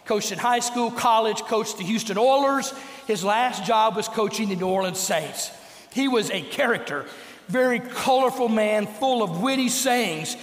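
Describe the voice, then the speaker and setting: Older guy preaching, pretty high voice, big echoey church with long reverb. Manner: storytelling preacher, slows and drops to a hush for emphasis. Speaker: pastor. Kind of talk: sermon. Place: church sanctuary.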